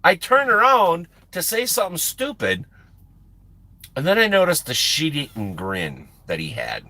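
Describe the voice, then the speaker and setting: American trucker streamer, lively, bright voice, cusses and laughs through his stories, dry close sound. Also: a little high, measured pace, no room sound. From United States. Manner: animated, profane, laughing often. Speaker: live-stream host and truck driver. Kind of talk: casual storytelling on a live stream.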